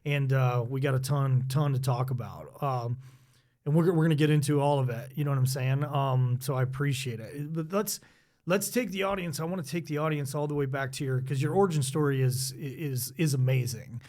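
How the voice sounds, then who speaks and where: A man's voice: medium pitch, fairly quick, darkish tone. A man hosting a podcast, interviewing a guest in a friendly, easygoing way and leaning on filler phrases. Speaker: podcast host. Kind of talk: conversational interview.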